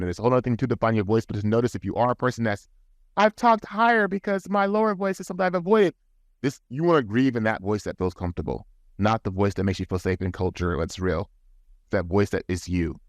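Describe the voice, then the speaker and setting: A man's voice: on the low side, no echo. A man guest on a podcast, talking in an earnest, advising way with frequent restarts, recorded in a studio. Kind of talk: casual podcast talk.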